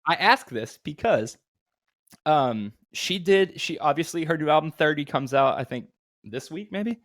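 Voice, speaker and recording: A man's voice: a little high, expressive, unhurried, fairly bright tone, no echo, studio quality. A man co-hosting a podcast, talking casually in a rambling, profane, storytelling way. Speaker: podcast co-host. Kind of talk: casual chat.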